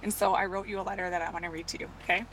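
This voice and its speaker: A woman's voice: on the low side, little pitch movement, racing, a bit bright, slight background noise. A woman, a church staff member, reading a heartfelt personal letter aloud from inside a parked van. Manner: heartfelt, tender.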